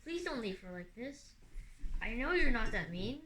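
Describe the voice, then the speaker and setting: A woman's voice: a little high, very animated, moderate pace. A woman voicing a small, earnest young female sand dragon who pleads with feeling. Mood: pleading. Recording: echoey room, faint hum.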